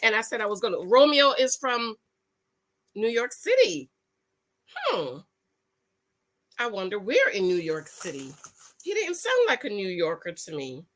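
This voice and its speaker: A woman's voice: medium pitch, huge pitch swings, a little slow, long pauses, a bit bright. A woman recapping a reality dating show in a casual vlog, gushing and rambling with frequent self-corrections.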